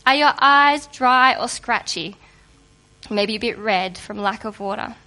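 Woman, sermon, fairly high voice, chatty and playful, getting over a cold. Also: a little slow. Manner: lively, conversational and humorous. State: recovering from a cold. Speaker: preacher.

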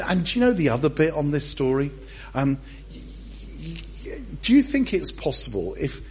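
A middle-aged pastor with a husky, fairly high-pitched voice delivers a humorous sermon in church. He's an animated storyteller who jokes at his own expense.

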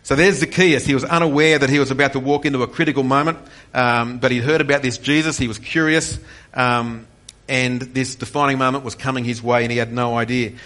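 A man's voice: mid-range voice, fairly even intonation, brisk. A man in his forties preaching a passionate sermon with personal testimony, rising in intensity on key points. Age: 40s. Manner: passionate, rising to near-shouts on key points, with frequent restarts. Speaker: pastor.

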